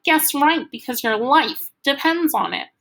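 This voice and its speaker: A woman voicing a small, brainy boy with a fierce, bold, theatrical way of talking, in a high voice. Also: lively intonation, unhurried, creaky, pushed and bright, full character voice. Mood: menacing.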